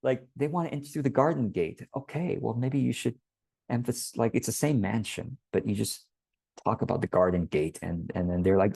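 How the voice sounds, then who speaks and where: A man, a business coach, teaching a workshop in a relaxed conversational way and acting out quoted voices. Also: mid-range voice, a little fast, creaky, breathy edge, dry recording.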